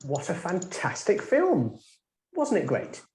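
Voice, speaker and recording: A woman playing a friendly speaker in a scripted textbook dialogue, speaking clearly and deliberately. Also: fairly low pitch, huge pitch swings, a little mellow, reverberant, a little hiss or hum, heavily acted.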